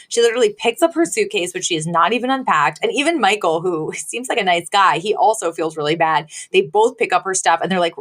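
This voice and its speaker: A woman co-hosting a podcast, recapping a sitcom episode in a lively, casual way. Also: mid-range voice. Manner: animated retelling with quick acted quotes and laughs. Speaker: podcast co-host.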